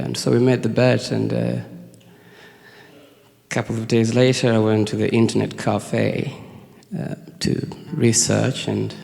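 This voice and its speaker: A nervous Kenyan singer-songwriter tells a story between songs on a concert stage, his voice fairly low, gravelly, and darkish. He hesitates, leans on fillers, and chuckles often, while the live venue adds a long reverb in front of the audience.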